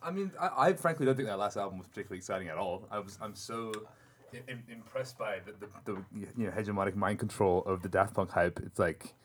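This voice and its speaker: A man's voice: on the low side, expressive, fast, breathy edge. A man on a podcast panel, giving opinionated, contrarian takes in casual chat.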